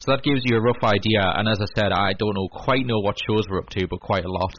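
Male co-host, deeper voice, loose rambling delivery, muffled broadcast audio. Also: fast, a bit bright. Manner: rambling, many fillers and restarts. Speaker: podcast co-host. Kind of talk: casual chat. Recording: lo-fi radio broadcast with faint hiss.

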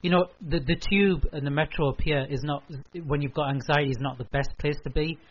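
Quick, candid male co-host with a light, higher voice, heard over lo-fi radio audio. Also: steady tone. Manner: quick, candid, clears his throat. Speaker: podcast co-host. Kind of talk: casual chat. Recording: lo-fi radio broadcast with faint hiss.

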